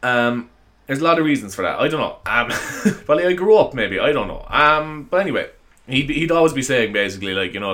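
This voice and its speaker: A man's voice: medium pitch, animated, a little fast, pushed and bright. A young Irish man hosting his own podcast, tired, chatting in a rambling, self-mocking way and laughing often. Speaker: podcast host. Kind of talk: casual solo podcast chat.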